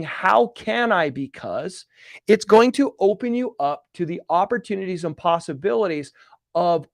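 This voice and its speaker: A man's voice: high voice, no room sound. Earnest man giving a motivational talk. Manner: earnest, emphatic, repeats phrases for effect. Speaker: real estate coach hosting a live Q&A. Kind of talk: motivational live-stream talk.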